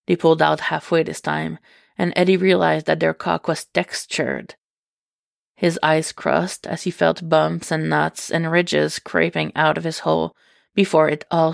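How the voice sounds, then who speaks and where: A woman reading fiction aloud in a measured, unhurried way. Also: low voice, creaky, dry recording, clean studio sound. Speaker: reader.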